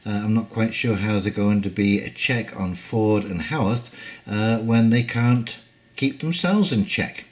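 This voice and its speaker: Man, opinionated commentator, fairly low voice, lots of hesitant fillers. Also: a little slow, darkish tone. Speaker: political commentator. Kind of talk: casual commentary.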